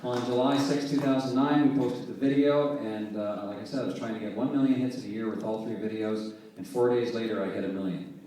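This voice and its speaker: A man from Halifax, Canada, a singer-songwriter telling a story between songs in a relaxed, conversational way. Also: lowish voice, brisk, noisy background. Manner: relaxed, conversational, softly spoken. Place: theater stage. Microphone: distant camera mic in the audience. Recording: echoey theater, distant camera mic.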